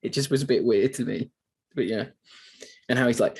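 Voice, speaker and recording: A man's voice: mid-range voice, a little fast, creaky, darkish tone, husky. A man hosting a film podcast, chatting casually and rambling with lots of fillers. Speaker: podcast host.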